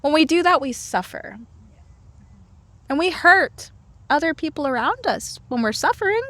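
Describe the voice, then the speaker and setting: High, lively-voiced playful woman. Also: moderate pace, dry recording. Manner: playful, laughs often, acts out inner voices. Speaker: podcast guest, herbal medicine lecturer. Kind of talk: casual conversational interview.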